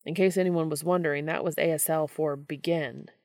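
A woman voicing a plainspoken, gruff male baker in a fan story reading. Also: low voice, steady tone, a little fast, a little mellow, dry recording, studio quality. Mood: blunt. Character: blunt, down-to-earth male baker.

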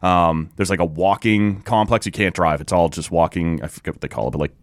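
A man's voice: sits low, a little fast, no room sound, studio quality. A Canadian man in his thirties hosting a casual podcast, telling stories in a chatty way. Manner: chatty storyteller, animated when quoting others. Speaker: podcast host.

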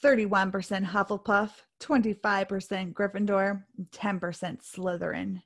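A woman co-hosting a podcast in casual chat, chatty and animated, quick to laugh. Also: medium pitch. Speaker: podcast co-host.

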